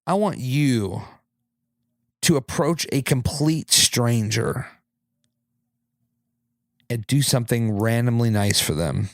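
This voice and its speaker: A man's voice: medium pitch, takes it slowly, pauses often, no room sound, studio quality. A man hosting a podcast, telling a story in a rambling, conversational way with fillers and asides to listeners. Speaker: podcast host. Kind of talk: casual storytelling monologue.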